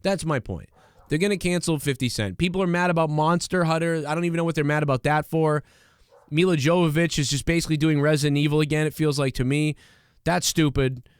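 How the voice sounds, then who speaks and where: A man's voice: fairly high pitch, quick pace, smooth, no room sound, studio quality. A young man hosting a podcast, ranting casually with lots of swearing, fillers and restarts. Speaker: podcast host. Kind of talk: casual comedic rant.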